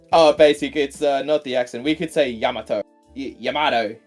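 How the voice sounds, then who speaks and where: Tired giggly guy doing stream banter, medium voice, soft music in background. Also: medium pitch, a little slow. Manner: giggly, silly, keeps laughing at his own jokes. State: tired after a long day. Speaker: co-commentator.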